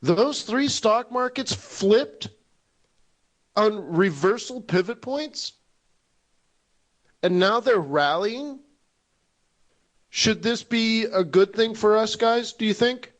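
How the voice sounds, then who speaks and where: A man's voice: high-pitched, lively intonation, takes it slowly, pauses often. A man in his forties hosting a live trading webinar, joking and laughing at his own jokes. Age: 40s. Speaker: forex webinar host.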